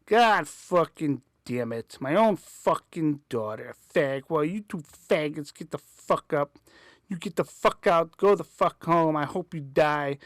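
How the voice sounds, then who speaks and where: A man voicing an enraged rural father who yells and curses. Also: a little high, animated, measured pace, no echo, studio quality. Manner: shouting, cursing, enraged. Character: furious, abusive rural father.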